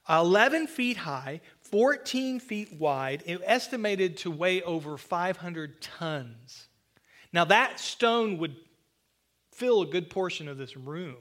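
A man preaching a sermon as pastor, earnest, with slowed emphatic phrases and a touch of self-deprecating humor. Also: sits high, fairly bright tone. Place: church sanctuary.

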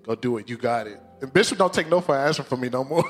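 Emotional pastor preaching a sermon. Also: male voice, mid-range voice, fast, in a large hall, faint music behind. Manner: emotional, excitable, laughs often.

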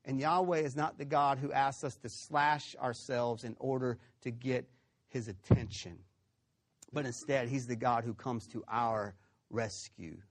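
A man preaching a sermon, retelling a story with lively acted-out quotes and frequent check-ins like "okay?". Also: medium pitch, gravelly. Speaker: pastor.

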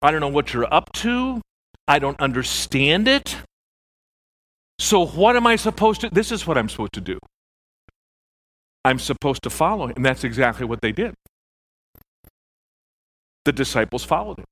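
A man preaching a sermon as pastor, animated, acting out the voices in his stories. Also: on the high side, moderate pace, long pauses.

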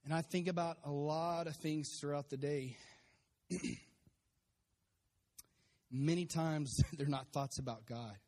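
A man's voice: a little high, fairly even intonation, slow, long pauses, a little mellow. A man in his forties preaching a sermon as pastor, emphatic, repeating refrains and laughing at times, recorded in a church. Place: church sanctuary with congregation. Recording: long hall reverb.

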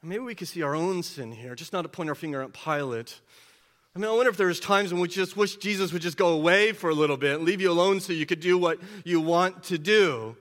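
A man preaching a sermon, asking the congregation rhetorical questions and swinging between hushed and loud delivery. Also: high voice, fast talker. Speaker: pastor.

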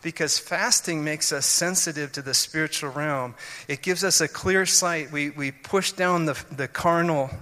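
A man's voice: on the high side, a little slow, bright, forceful tone. A man preaching a sermon, explaining scripture earnestly and restarting his sentences often. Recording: long hall reverb.

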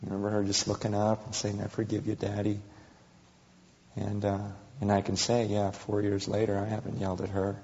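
A man in his thirties preaching a sermon, telling stories animatedly and swinging between loud exclamations and hushed confession. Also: lowish voice, monotone, fairly quick, few pauses, slight background noise. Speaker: pastor. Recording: dull reverberant hall recording.

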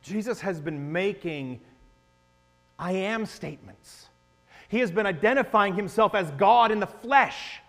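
A man preaching a sermon as a pastor, animated, swinging between loud emphasis and hushed asides. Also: sits high, measured pace. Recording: long echo of a large hall, faint mains hum.

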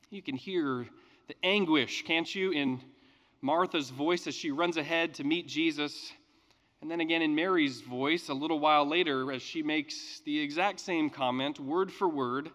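A man reading scripture and preaching a sermon in a measured, earnest way with emphatic pauses. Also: on the high side, fairly bright tone, long reverb tail. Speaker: pastor.

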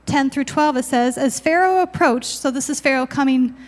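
A woman with a high, light voice leads a casual Bible study. She talks in a chatty, informal way and reads scripture passages aloud from her notes. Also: normal speed.

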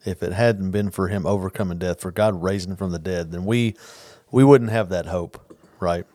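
A man on a church podcast talks sincerely, sometimes losing his train of thought. His voice is fairly low and the sound is dry and close. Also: fairly even intonation, normal speed, mellow, dry recording. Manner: sincere, loses his thread. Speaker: church staff member. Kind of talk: casual church podcast chat. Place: church office studio.

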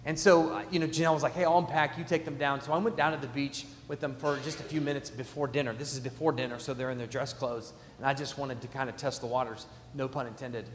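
A man in his thirties preaching a sermon as a pastor, telling stories with big swings from loud to hushed. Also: medium pitch, steady tone, fast, hardly any pauses, slight background noise. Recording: echoey hall.

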